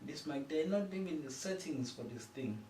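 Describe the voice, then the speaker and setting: A man's voice: fairly high pitch, animated, brisk, dark tone, slight background noise, poor audio. A man hosting a casual solo podcast, talking into his phone in a frustrated, rambling way, swearing and restarting his sentences. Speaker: podcast host. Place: small room, indoors.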